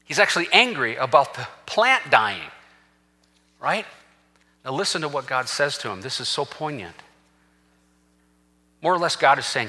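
A man's voice: high-pitched, sing-song, moderate pace, sharp tone. A man preaching a sermon as senior pastor, telling a scripture story with acted-out quotes and rising to fervent peaks. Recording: long reverb of a large hall.

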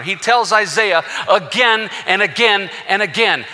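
A man's voice: sits high, moderate pace, hardly any pauses, pushed and bright. A man preaching a sermon as senior pastor, emphatic and reading scripture aloud with rising force. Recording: reverberant hall.

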